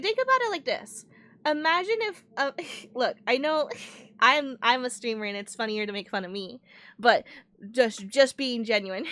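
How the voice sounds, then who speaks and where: A young woman streams and talks casually to her viewers, her voice sitting a touch higher than most. She rambles, fills gaps with "like", and laughs often. Her close desk mic catches her clearly. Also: sharp tone, no echo. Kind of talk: casual chat while livestreaming a game.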